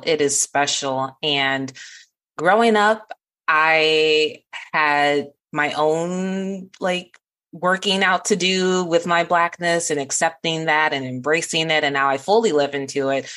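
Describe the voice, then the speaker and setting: Low-voiced earnest woman host. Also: unhurried. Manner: earnest, warm-hearted, laughs often. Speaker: podcast host. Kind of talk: heartfelt conversation.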